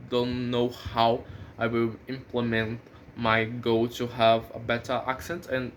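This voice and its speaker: A man's voice: medium pitch, monotone, measured pace, a little hiss or hum. A man who is not a native English speaker, hosting his own channel and thinking aloud in a casual vlog, with many fillers and restarts. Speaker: channel host.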